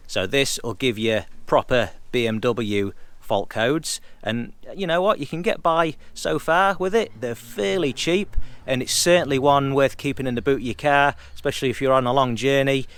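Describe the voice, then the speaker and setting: A man's voice: medium pitch, fairly bright tone, no echo. A man giving a casual, candid explanation in a car vlog, chatting directly to his viewers. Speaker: car enthusiast vlogger.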